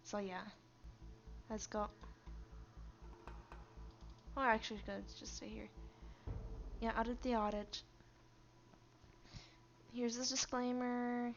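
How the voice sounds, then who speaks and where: A woman's voice: a little high, little pitch movement, slow, pauses often, dull audio, a little hiss or hum. A woman streamer chatting casually on a live stream, rambling and easily amused.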